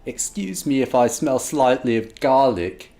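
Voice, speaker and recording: A man's voice: medium pitch, expressive, a little slow, voice pushed up. Ron, a man doing a hammy joking wizard. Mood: boastful. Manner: loud, hammy and playful.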